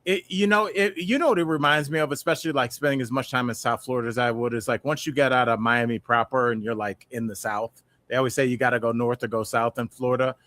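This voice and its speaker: A man co-hosts a comedic news podcast, rambling, joking, and often mimicking tough-talking guys in casual news chat. His mid-range voice has fairly even intonation and a slightly bright tone, and he talks fast with few pauses. The recording is dry.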